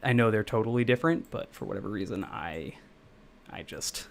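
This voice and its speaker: Young man from the midwest, gravelly voice, rambling live-stream chat, faint hiss behind. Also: lowish voice, fairly quick. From Midwestern United States. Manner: rambling, self-correcting, chatty with viewers. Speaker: game developer streaming live. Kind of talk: casual live-stream chat while coding.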